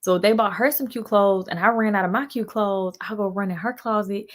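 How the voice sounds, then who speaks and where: A young woman hosts a live stream, telling stories with sass and plenty of "y'all" for her viewers. Her pitch sits in a middle range for a woman, and her delivery is animated and chatty. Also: brisk. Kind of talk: casual live-stream storytelling.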